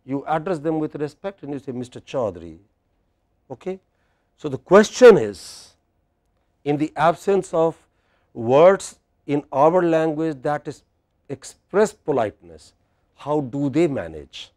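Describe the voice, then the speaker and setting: A man teaching spoken to a class, coaxing students and drawing out words slowly to demonstrate rhythm. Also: a little high, lively intonation, darkish tone, dry recording, clean studio sound. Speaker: professor teaching spoken English. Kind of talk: classroom lecture with call-and-response drills.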